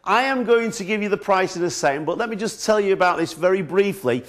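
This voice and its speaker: A middle-aged man with a northern English accent presenting a live shopping channel pitch, chatty, repeating words and calling viewers folks. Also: expressive, fast talker. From northern England.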